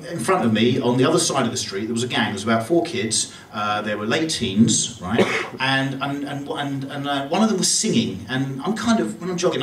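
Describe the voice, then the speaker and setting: A man with a mid-range voice does a stand-up set in a club, telling rambling stories full of self-deprecating asides. The echoey club is recorded from far off, with a loud crowd, audience laughter, and slight background noise.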